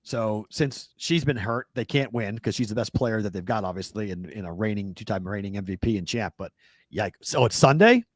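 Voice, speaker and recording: A man's voice: lowish voice, expressive, brisk, no room sound. A man with a Boston accent co-hosting a sports betting talk show, casually talking through games, thinking aloud and correcting himself.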